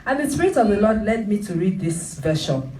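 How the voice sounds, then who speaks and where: Her mid-range voice is sing-song, brisk, and dark in tone, with a little hiss or hum on the recording. She's a pastor delivering a sermon in a church hall, stressing points emphatically through repetition, captured from afar in the hall's echo.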